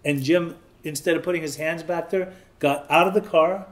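Candid man telling his story, slightly higher voice. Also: steady tone, normal speed. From Southern California. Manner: candid, plain-spoken, acts out the voices of people he quotes. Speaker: interviewee.

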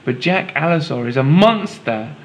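A man's voice: on the high side, expressive, normal speed, a little hiss or hum, voice pushed up, close to an everyday voice. A man voicing an earnest young boy dinosaur who wants to be a detective, in a boyish, eager voice. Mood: worried.

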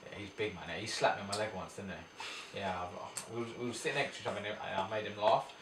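Young boxer, low-key slangy chat, echoey room, distant mic. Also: male voice, fast, noisy background. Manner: laid-back slangy banter. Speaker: professional boxer guest. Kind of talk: casual chat.

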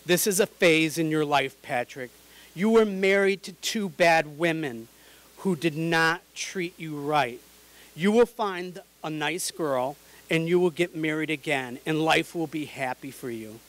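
A woman's voice: deep voice, a little slow, poor audio. A man voicing his older mother, loving but in denial, insistent and pleading. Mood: firm denial.

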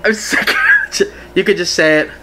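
A young man streaming a game, chatting casually with his viewers in an excitable, giggly way. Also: high voice, moderate pace, slight background noise. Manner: excitable, giggly, talks to chat. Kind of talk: casual live-stream chat.

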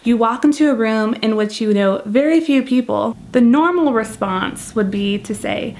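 A young woman with a slightly high voice tells stories about her own awkward moments for a comic vlog. She talks in an animated, self-mocking way, playing up her embarrassment for laughs. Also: moderate pace, slight background noise. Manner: self-deprecating, animated storytelling. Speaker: vlogger. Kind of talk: comedic vlog monologue.

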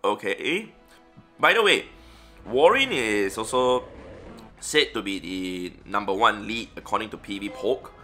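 A man's voice: fairly low pitch, animated, unhurried, pushed and bright, soft background music. A young man giving live, chatty commentary on his own game, thinking aloud with lots of fillers and restarts. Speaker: gaming streamer.

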